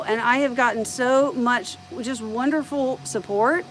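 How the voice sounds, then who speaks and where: A woman's voice: fairly high pitch, normal speed, few pauses, a little hiss or hum, poor audio. A middle-aged woman from the United States with a light Southern accent, chatting casually on a live stream about her printer and thinking aloud as she goes. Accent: light American Southern.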